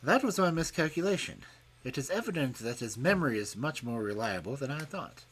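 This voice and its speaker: Man doing a calm, courteous detective. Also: medium pitch, slightly rough. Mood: amused. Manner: measured and courteous. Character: calm, polite, amused male detective.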